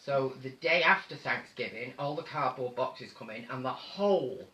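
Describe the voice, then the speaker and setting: North manc guy hosting a live stream at home, camp and chatty, very bright voice, echoey room. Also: mid-range voice, expressive, normal speed. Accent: North Manchester. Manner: camp, chatty, theatrical, calls people darling. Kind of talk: casual live chat.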